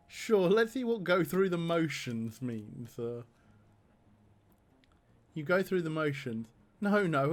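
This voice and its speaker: A man streaming a text adventure game, reading the options aloud and laughing often. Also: on the high side.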